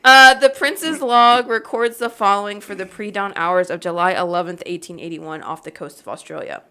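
Reading out a legend on her podcast, a woman keeps things playful and loose, cursing and laughing as she goes. Her medium-pitched voice sounds pushed and bright yet smooth, at a moderate pace.

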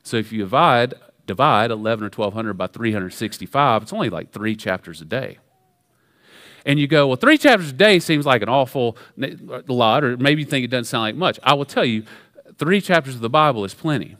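A middle-aged man preaching a sermon in a church, talking in an energetic, conversational way with frequent restarts. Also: mid-range voice, a little fast. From American South. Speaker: pastor. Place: church sanctuary.

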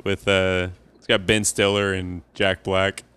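Man for casual podcast banter: lowish, bright, crisp voice, rambling storyteller. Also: level tone, measured pace. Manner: rambling storyteller, laughs at own stories. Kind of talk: casual chat.

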